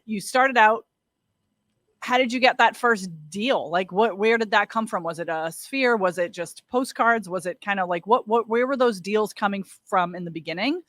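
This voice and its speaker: A woman's voice: medium pitch, normal speed, a bit bright, no echo. A woman with a middle-range voice hosts an interview, asking questions and cheering her guest on with enthusiasm. Her voice sounds dry and close, with no room around it. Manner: enthusiastic, affirming. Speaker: podcast host. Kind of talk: conversational interview.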